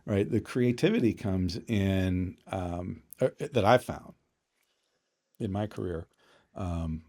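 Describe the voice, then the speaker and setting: A middle-aged man with a low voice talks through his stories as a podcast guest. He is loose and easygoing, laughing as he goes and often restarting a sentence before he lands it. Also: slow pace. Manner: relaxed, chuckling, trailing restarts. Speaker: podcast guest, finance executive. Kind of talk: casual storytelling chat.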